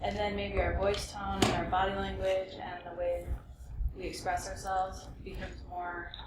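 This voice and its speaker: A woman's voice: medium pitch, monotone, measured pace. A woman workshop attendee giving a hesitant comment from the audience. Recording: distant, echoey, with clear background noise.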